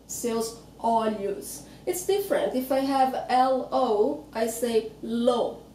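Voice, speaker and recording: Speaking slowly and patiently, a Brazilian-accented woman who teaches Portuguese walks through pronunciation word by word. Her tone is mellow and a touch high, and the distant recording picks up room echo and light hiss.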